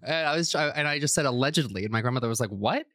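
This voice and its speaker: A woman's voice: low voice, expressive, fast talker, a bit bright. A talkative woman co-hosting a casual podcast. She grew up in the United States, laughs easily and slips into voices to act out what people said. The sound is dry, close and without room echo. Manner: chatty, laughs often, acts out quotes. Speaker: podcast co-host. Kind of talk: casual chat. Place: apartment.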